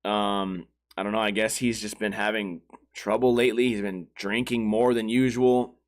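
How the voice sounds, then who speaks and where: A man's voice: lowish voice, level tone, normal speed. A man hosting his own podcast, telling a long, rambling, profane story in a casual way and acting out the quoted voices. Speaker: podcast host.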